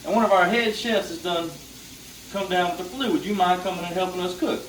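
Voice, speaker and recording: A woman's voice: lowish voice, brisk, echoey room, far from the mic, a little hiss or hum, pitched above the performer's own voice, natural voice, poor audio. A man voicing a doting older church lady who calls people baby, in a folksy drawl.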